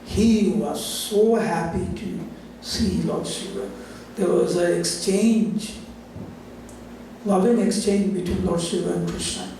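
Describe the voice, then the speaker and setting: High, slow man telling a temple story. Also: fairly even intonation, warm tone, slight background noise. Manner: acts out the characters' lines in a raised voice. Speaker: temple class speaker. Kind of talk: devotional storytelling class. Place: temple hall. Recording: echoey hall from far off.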